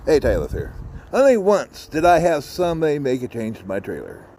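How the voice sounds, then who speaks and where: A man's voice: fairly high pitch, huge pitch swings, a little fast, background noise. A man leaving a recorded voice message for a radio show, telling a story in a laid-back way.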